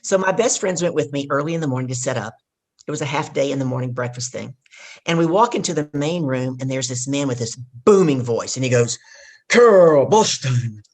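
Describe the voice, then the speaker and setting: A middle-aged woman, a guest on an interview podcast, telling stories in a lively way and acting out the dialogue. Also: rumbling low, brisk. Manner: animated storyteller who acts out quoted dialogue. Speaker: guest speaker. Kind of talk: casual storytelling interview.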